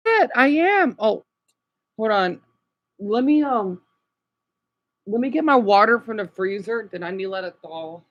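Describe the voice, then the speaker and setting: A man livestreaming from home in an unscripted rambling vlog. He sounds upset and exhausted, talks haltingly, repeats himself and keeps tagging lines with "okay?". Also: high voice, no echo, muffled recording. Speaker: vlogger livestreaming.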